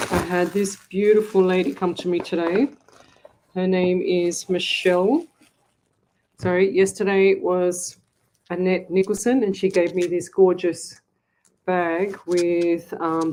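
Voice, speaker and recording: A woman's voice: on the low side, steady tone, takes it slowly, darkish tone, slight background noise, rough recording. A woman from Australia hosting a casual livestream from her home office, chatting in a gushing way with many restarts. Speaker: psychic medium, livestream host. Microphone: webcam.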